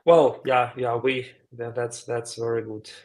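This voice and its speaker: A man's voice: mid-range voice, little pitch movement, a little slow, a little mellow. A man speaking as a guest at an online meetup, answering questions hesitantly with many uhs and repeated words over a video call.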